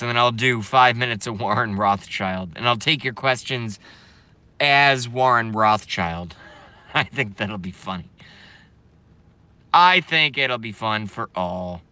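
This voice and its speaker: A brash young man with a bright, forceful, mid-range voice rants on a live stream, swearing freely and rambling between viewer comments. The audio is dry and close.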